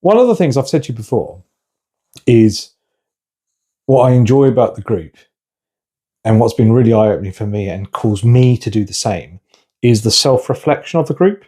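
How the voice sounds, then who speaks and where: Husky-voiced man hosting a chatty podcast. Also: mid-range voice, animated, moderate pace, pauses often, warm tone. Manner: chatty and self-deprecating, with frequent restarts. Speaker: podcast host. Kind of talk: casual conversational podcast.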